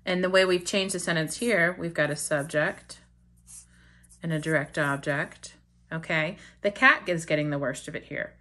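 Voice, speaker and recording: Patient woman teaching a lower-voiced grammar lesson. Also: bright, forceful tone. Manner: patient, explaining step by step, often checking with "okay?"; slows down to stress key words. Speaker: Latin teacher. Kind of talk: beginner grammar tutorial.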